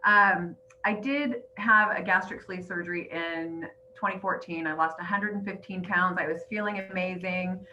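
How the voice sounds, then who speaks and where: A woman's voice: fairly low pitch, normal speed, few pauses, sharp tone, dull audio, slight background noise. A middle-aged woman and grandmother earnestly telling her personal story on a group call, teary and emotional. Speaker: weight-loss coach sharing her story. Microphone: online call.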